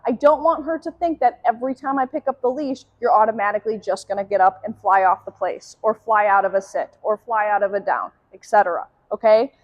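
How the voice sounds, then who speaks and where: A young woman dog trainer calmly explaining leash and obedience drills during a demonstration. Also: fairly quick, few pauses, no echo, highs cut off. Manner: calm explanatory, sharp high commands to the dog. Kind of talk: instructional dog training demo.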